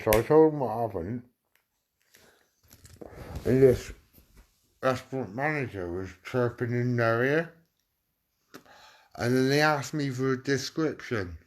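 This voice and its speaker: A man's voice: medium pitch, slow, pauses often, a little hiss or hum. A middle-aged man telling a casual anecdote, swearing freely and acting out what people said. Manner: swearing, acts out quotes with "I said". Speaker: storyteller.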